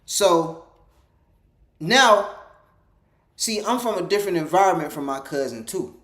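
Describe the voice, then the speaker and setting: Animated man telling a story in a roomy space. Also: high voice, unhurried. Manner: rambling, animated, acts out quoted dialogue. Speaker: storyteller vlogger. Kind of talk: casual storytime monologue.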